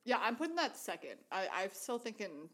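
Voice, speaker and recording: A woman co-hosting a casual podcast, sarcastic and quick to swear, with lots of filler words. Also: medium pitch, sing-song, fairly bright tone. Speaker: podcast co-host.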